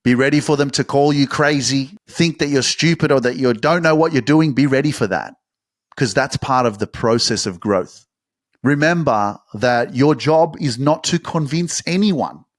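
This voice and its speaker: A man delivers a motivational monologue at a mid pitch, animated and casual. His voice is recorded dry and close, with no room echo. He acts out excited quotes and lets the odd swear word slip. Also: normal speed. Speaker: motivational speaker.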